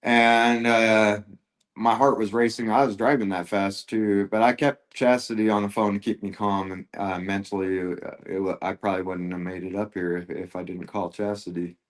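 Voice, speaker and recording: A man, an artist guest on a podcast, telling a story in a halting way with many restarts. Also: fairly low pitch, fairly even intonation. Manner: halting, full of fillers and restarts. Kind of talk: casual storytelling.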